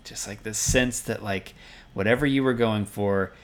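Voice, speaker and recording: A man hosting a film podcast in a relaxed, rambling, self-deprecating way. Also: fairly low pitch, normal speed. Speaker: podcast host. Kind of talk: casual podcast chat.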